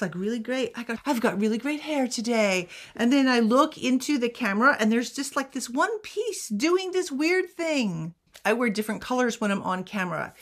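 A woman's voice: medium pitch, a bit bright. A woman who is an author and teacher, giving casual advice in a vlog with chatty, self-deprecating humor.

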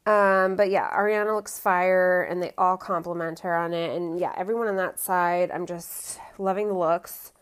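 Chatty opinionated woman with lower voice. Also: fairly even intonation, normal speed, few pauses, smooth. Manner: chatty, opinionated, many fillers like "um" and "you know". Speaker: reality TV recap host. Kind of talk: casual chat.

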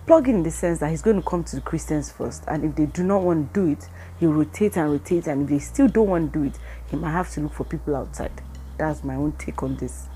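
Speaking quickly in a low voice, this Nigerian-accented woman delivers a relaxed devotional message as a Christian speaker. She's energetic, dramatizing bits of dialogue and dropping pidgin expressions along the way.

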